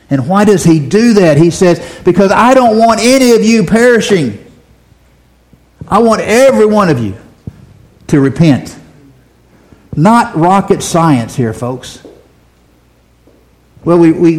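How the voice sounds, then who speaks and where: A man preaching a sermon in a folksy way, his voice rising loud when he quotes scripture. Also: medium pitch, low-quality recording. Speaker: pastor.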